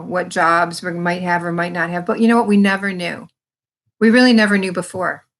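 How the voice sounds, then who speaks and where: Woman coaching viewers on calming. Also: fairly low pitch. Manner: friendly, encouraging, direct address to viewers. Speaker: wellness coach. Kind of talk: casual talk to camera.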